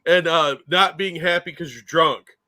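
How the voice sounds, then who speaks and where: A man's voice: a little high, measured pace, sharp tone. A man co-hosting a casual political commentary chat, mocking and crude, breaking into ranting asides. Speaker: podcast co-host.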